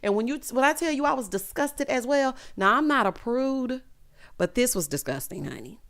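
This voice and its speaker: A woman's voice: high-pitched, expressive, moderate pace, fairly bright tone. A woman hosting a casual reality TV recap, telling it with sassy, dramatic flair and lots of 'honey' and 'child'.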